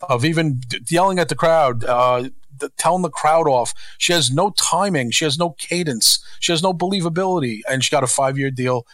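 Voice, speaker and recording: A man's voice: fairly high pitch, moderate pace, fairly bright tone, no echo. A man co-hosting a podcast, ranting bluntly and profanely in casual chat. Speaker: co-host.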